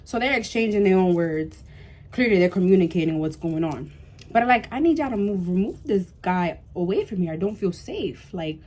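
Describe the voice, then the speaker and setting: Animated young woman telling a story. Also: mid-range voice, normal speed. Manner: animated, fillers of "like" and "bro", emphatic repetition. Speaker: vlogger. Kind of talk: storytime vlog.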